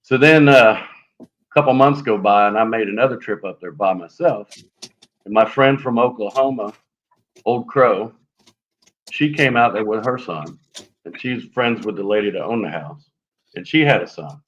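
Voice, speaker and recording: A man telling a story on a live show in a lively, animated way, acting out sounds as he goes. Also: on the low side, moderate pace, long pauses, dull audio. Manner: animated, lively retelling with fillers and sound effects. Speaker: guest telling an encounter story.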